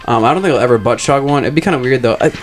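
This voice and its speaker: A young man co-hosting a podcast in casual chat, rambling with lots of fillers and crude deadpan jokes. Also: medium pitch, rapid-fire, faint music behind. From United States. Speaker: podcast co-host.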